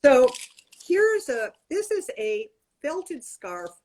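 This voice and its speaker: A middle-aged woman hosts a show, chatting casually while demonstrating accessories. Her voice sits high with big pitch swings, a slow pace and a darkish tone, and she talks as she shows off each item.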